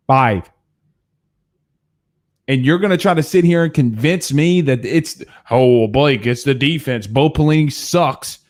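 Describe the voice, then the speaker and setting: A man's voice: medium pitch, a little mellow. Angry guy hosting postgame show, swearing a lot, fed up. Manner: cursing, heated and exasperated. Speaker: sports talk show host.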